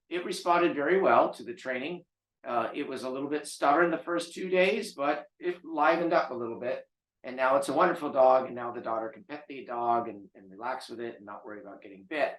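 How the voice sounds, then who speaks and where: A man's voice: mid-range voice, fairly bright tone. A man who trains dogs, talking bluntly and emphatically as he lectures viewers. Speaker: dog trainer. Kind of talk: casual talk to camera. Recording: roomy echo.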